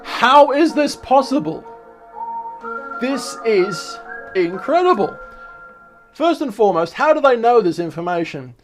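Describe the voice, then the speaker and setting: A channel host with a high-pitched voice reads articles aloud and comments as he goes, excitable and chatty, often stumbling, restarting and repeating words. He's unhurried and leaves long pauses, with faint music in the background.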